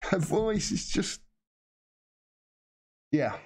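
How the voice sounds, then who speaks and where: A man's voice: high voice, big pitch swings, very slow, darkish tone. A man hosting a live stream, answering viewer questions in blunt, impassioned casual talk and swearing freely.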